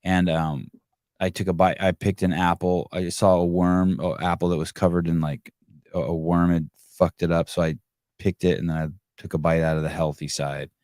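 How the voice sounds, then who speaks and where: Low-voiced middle-aged guy hosting a podcast, rambly and sweary, dry close mic. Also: little pitch movement, moderate pace, a little mellow, no room sound. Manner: rambling, swears freely when frustrated. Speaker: podcast host. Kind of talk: casual live show monologue.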